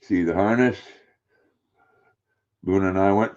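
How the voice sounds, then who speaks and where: An older man chatting casually on a live stream, greeting viewers by name and cooing softly to his dog. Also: deep voice, fairly even intonation, measured pace, muffled recording.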